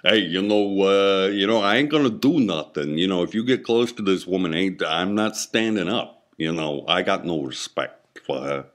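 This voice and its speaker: A man doing a cocky Bronx wise-guy voice for a mouthy body part. It talks tough and brash in a low register. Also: moderate pace, few pauses, a bit bright. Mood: brash swagger. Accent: New York Bronx (put on). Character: brash male organ with a Bronx accent.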